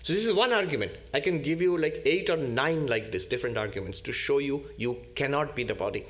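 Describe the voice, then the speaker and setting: A man, a monk, giving a spiritual lecture in a deliberate, teacherly way, repeating key terms. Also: medium pitch, expressive, a bit bright.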